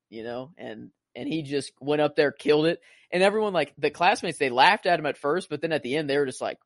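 A man's voice: a little high, a little fast, few pauses, no echo, studio quality. A man co-hosting a film podcast, talking casually and rambling with many fillers and restarts. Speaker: podcast co-host.

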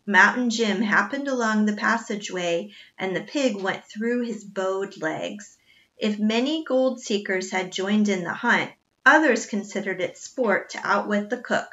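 A woman reading a children's novel aloud in an expressive storytelling manner. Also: mid-range voice. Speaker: reader. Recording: dull lo-fi recording.

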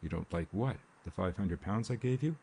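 Man doing a smooth rich gent, languid and suave, deep gravelly tone, bit of rain noise. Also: animated, normal speed, dark tone. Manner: suave, cheerful, drawling. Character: suave, languid wealthy male gentleman. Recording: faint rain ambience behind.

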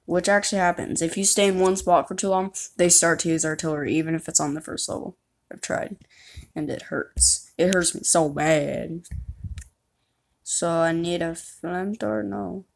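A woman's voice: fairly low pitch, fairly even intonation, brisk, creaky, a little hiss or hum. A woman chatting and rambling as she plays a game, giving commentary and poking fun at herself. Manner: chatty, rambling, self-mocking. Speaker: gamer. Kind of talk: gameplay commentary.

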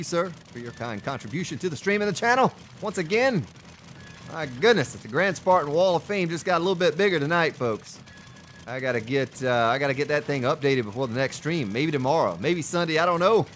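Man streaming a game, slightly high voice, very animated pitch, jokey banter with chat. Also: fairly quick, slight background noise. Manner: playful, jokey, talks to chat and thanks donors. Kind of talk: live gameplay commentary.

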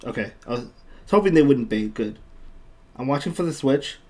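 On a live stream, a man commentates his own online battles, chatting between moves, reading chat aloud, thanking viewers, and often repeating himself. His mid-range voice is expressive and a little mellow, and he speaks a little fast.

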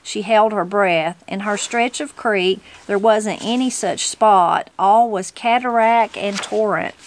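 A woman's voice: medium pitch, takes it slowly, slight background noise. A woman, reading a novel aloud as host of her channel. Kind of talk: storybook reading.

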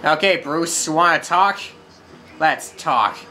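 A man's voice: a little high, takes it slowly, pushed and bright, slight background noise. A man casually commentating over gameplay, joking and riffing, sometimes in mock broken English. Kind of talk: casual let's-play commentary.

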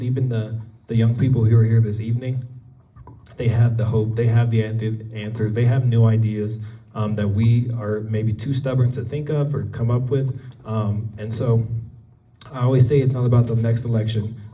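A man's voice: mid-range voice, muffled recording. A man giving a casual public talk to an audience, rambling with many fillers and restarts. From Colorado. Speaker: guest speaker. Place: event hall with an audience. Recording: distant, roomy event recording.

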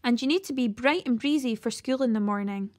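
A woman voicing a stern old grandmother in a children's story, talking in a brisk, matter-of-fact way. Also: on the high side, natural voice. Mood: firm.

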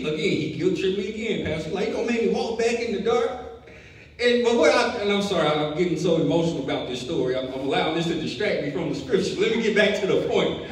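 A young man preaching a sermon, telling a lively story before building to emphatic preaching. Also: a little high. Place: church sanctuary. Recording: echoey hall, distant mic, faint noise.

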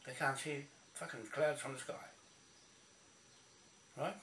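A man from New Zealand rants bluntly, swearing and repeating himself as he talks. His voice is bright and sharp. He sits back from the mic in a roomy, echoey space with faint ambient noise. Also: mid-range voice, steady tone, slow pace, distant mic. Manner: blunt, profane, repetitive ranting. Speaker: video blogger. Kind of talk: angry ranting monologue.

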